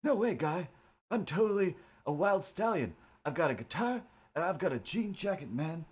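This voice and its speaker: A man's voice: fairly high pitch, sing-song, darkish tone, husky, pitched above the performer's own voice. A man doing a dopey surfer-dude cartoon cat. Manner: laid-back surfer drawl, drawn-out words.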